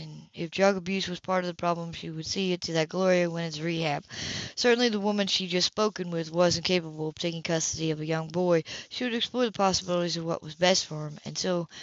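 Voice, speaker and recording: A woman reading a novel aloud in an even, steady way. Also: lowish voice, dry recording. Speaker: audiobook reader. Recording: dull lo-fi home recording.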